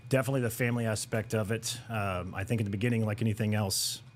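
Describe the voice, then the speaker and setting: A man's voice: lowish voice, steady tone, quick pace, a little hiss or hum. A man being interviewed as a new supervisor, upbeat and agreeable. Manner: upbeat, agreeable, many "yeah"s. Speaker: guest supervisor. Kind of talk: casual interview chat.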